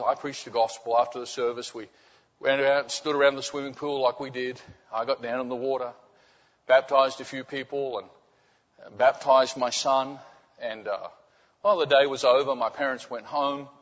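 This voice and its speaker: A middle-aged man, a pastor preaching a sermon, telling a story and repeating key phrases, going soft for emphasis. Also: medium pitch, flat delivery, moderate pace. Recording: dull sound with long hall reverb.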